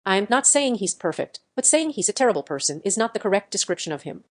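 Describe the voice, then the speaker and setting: A woman reading forum comments aloud in an even, matter-of-fact way. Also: mid-range voice, quick pace. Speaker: narrator reading online comments.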